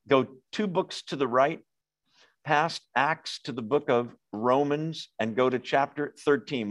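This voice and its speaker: Man teaching Bible study, dry close sound. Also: dry recording. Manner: conversational, asks and answers his own questions; acts out quoted lines with raised pitch.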